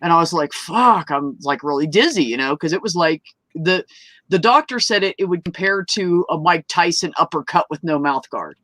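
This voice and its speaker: A woman telling a personal story at an open mic, animated, swearing freely and laughing mid-story as she acts out the people in it. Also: low voice, brisk, no room sound. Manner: acts out quoted voices. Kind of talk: casual storytelling.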